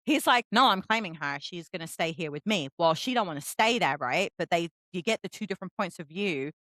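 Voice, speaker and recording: A woman co-hosting a book podcast in casual chat, who swears freely and acts out quotes with big jumps in pitch. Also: lively intonation, a little fast, fairly bright tone, no echo. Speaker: podcast co-host.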